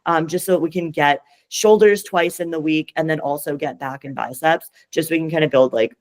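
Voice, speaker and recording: A woman's voice: sits low, brisk, a little mellow. A woman fitness coach talking casually on a podcast, earnest and encouraging as she gives training advice.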